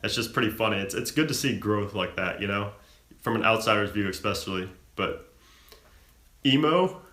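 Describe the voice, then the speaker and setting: A young man with a low but bright, forceful voice chats casually on a live stream, answering viewer questions. He talks loosely, with fillers and little self-amused laughs. The room around him is echoey. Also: moderate pace. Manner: relaxed, chatty, frequent fillers and self-laughs.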